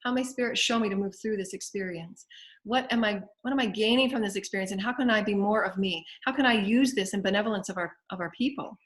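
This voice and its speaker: A woman's voice: medium pitch, quick pace. A woman with a Southern US accent hosting a spiritual show, leading guided affirmations and prayer in a repetitive, incantatory way.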